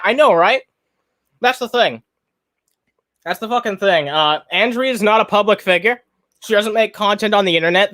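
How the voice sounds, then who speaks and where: A man's voice: high-pitched, fairly bright tone. A man streaming live, giving blunt, profane commentary on a video and greeting viewers in the chat, sometimes talking with his mouth full. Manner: talks while eating.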